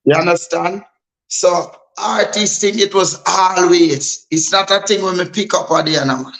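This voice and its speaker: A man's voice: high-pitched, fairly even intonation, normal speed, fairly bright tone, poor audio. A man from Guyana with a Guyanese Creole accent, a DJ guest speaking bluntly and emphatically in an interview. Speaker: DJ and artist guest. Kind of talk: candid interview talk.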